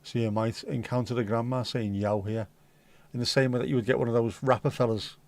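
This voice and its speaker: A man's voice: medium pitch, fairly even intonation, brisk, no room sound. Dry-humoured man rambling on a livestream. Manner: dry, rambling banter, slips into silly voices. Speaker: livestream host. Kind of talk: casual chat reading viewer comments.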